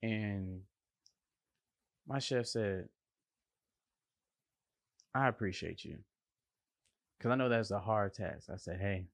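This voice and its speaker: A line cook delivers a casual motivational monologue, animated and full of slang, with playful emphasis and vocal sound effects. His voice is on the low side, his pace slow, and he pauses often. There's no room sound.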